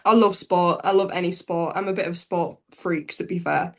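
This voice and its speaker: A woman's voice: fairly low pitch, fairly even intonation, moderate pace. A young woman, a podcast guest chatting in a giggly, blunt and down-to-earth way. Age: young adult. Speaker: guest, amateur golfer. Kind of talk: casual chat interview over a call.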